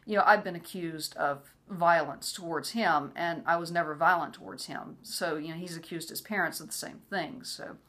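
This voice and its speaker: A woman's voice: deep voice, steady tone, moderate pace, few pauses, a bit bright. A woman telling a personal story in a casual way, with many "you know" fillers, sometimes acting out what others said. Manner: frequent "you know" fillers, acts out quoted voices. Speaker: vlogger sharing personal story.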